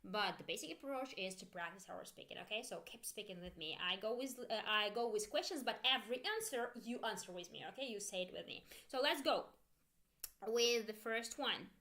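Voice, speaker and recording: A woman's voice: mid-range voice, expressive, brisk, pushed and bright. A woman whose first language is Russian teaches an online English grammar lesson, repeating phrases for learners to echo.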